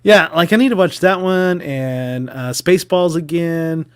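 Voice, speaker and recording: A man's voice: fairly high pitch, a little slow, smooth. A middle-aged man co-hosting a live web show, laughing often and chatting casually. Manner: laughs a lot, lively and chatty. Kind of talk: casual live-stream chat.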